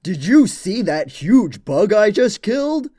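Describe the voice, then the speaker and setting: A man plays a boastful, bumbling police officer who speaks very slowly, his voice high and swinging widely with pride. Soft music sits behind him. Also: sing-song. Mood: proud. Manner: slow, proud, bumbling.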